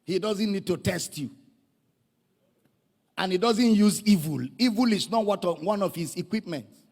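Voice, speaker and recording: A Nigerian-accented pastor with a high-sitting voice delivers a dramatic, animated sermon at a measured pace, calling out to his congregation. The church recording has the echo of a large hall.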